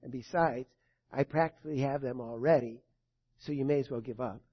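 A preacher voicing a menacing male evil spirit in a low, quiet, taunting tone. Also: brisk, husky, natural voice. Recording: dull lo-fi recording.

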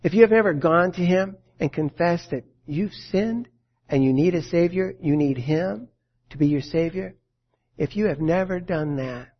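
Soft-spoken man preaching, dull lo-fi sound. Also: on the high side, normal speed, husky. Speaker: pastor. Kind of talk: sermon.

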